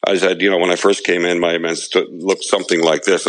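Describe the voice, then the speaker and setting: Deep gravelly guy, podcast chat, rambly, laughs a lot, close dry mic. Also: flat delivery, quick pace, few pauses, a bit bright, no room sound, poor audio. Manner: rambling storyteller, laughs often. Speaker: podcast co-host. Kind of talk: casual chat.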